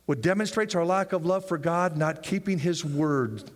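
A man preaching a sermon in a church, animated, acting out people's excuses in high voices. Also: moderate pace, big-room sound. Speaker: pastor.

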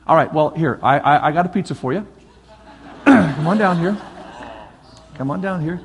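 A man preaching as a pastor, energetic and coaxing, often repeating his calls to the crowd. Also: on the high side, normal speed. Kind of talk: lively sermon demonstration. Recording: long hall reverb, faint crowd.

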